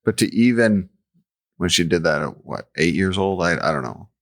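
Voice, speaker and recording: A man's voice: low voice, animated, normal speed. A man co-hosting a podcast, chatting casually and teasing, often restarting his sentences. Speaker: podcast co-host. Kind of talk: casual chat.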